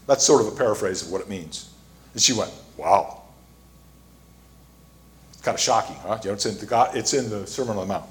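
A man preaching a sermon, telling a story with fillers and restarts and getting louder as he retells scenes. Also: lowish voice, animated, a little fast, long pauses. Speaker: pastor.

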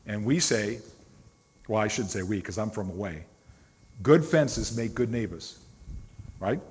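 A man's voice: lowish voice, lively intonation, a little slow, darkish tone, slight background noise. A middle-aged man preaching a sermon as a pastor, telling stories in a conversational way and stressing single words. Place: church sanctuary. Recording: long reverb of a church hall.

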